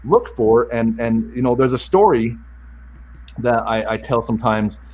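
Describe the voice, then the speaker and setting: A middle-aged man telling a family story in a casual interview, animated and acting out the other voices in it. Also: mid-range voice, unhurried, a little hiss or hum, rough recording. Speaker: podcast guest.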